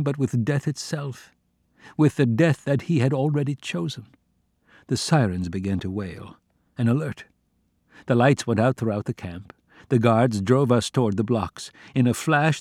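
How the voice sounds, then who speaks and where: A man reading a first-person memoir aloud in a measured, somber, restrained way. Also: on the low side, darkish tone, no room sound, studio quality. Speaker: audiobook narrator.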